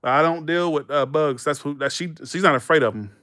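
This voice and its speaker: A livestream host in his thirties chats casually with viewers, rambling through stories and slipping into animated quoted voices. His voice is fairly high and a little fast, recorded dry with studio quality.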